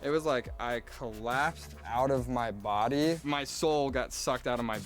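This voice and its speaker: A man's voice: mid-range voice, a little slow, soft background music. A young man telling a rambling personal story, packed with filler words. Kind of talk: storytelling trip report.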